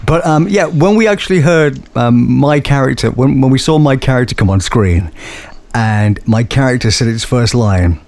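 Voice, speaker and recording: A man's voice: mid-range voice, moderate pace, darkish tone, no echo. A man, a voice actor talking enthusiastically and with self-mocking humour in an interview. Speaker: voice actor and guest. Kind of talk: animated interview chat.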